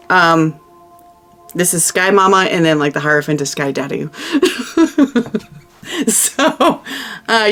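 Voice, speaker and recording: A woman's voice: low voice, a bit bright. A woman giving a casual tarot reading, chatty and emphatic, who often repeats her phrases. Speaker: tarot reader.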